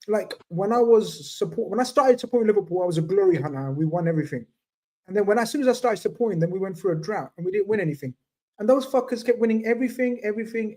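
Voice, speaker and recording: A man on a football panel show, chatting casually and telling rambling stories in an animated way. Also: sits high, rough recording. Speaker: podcast panelist.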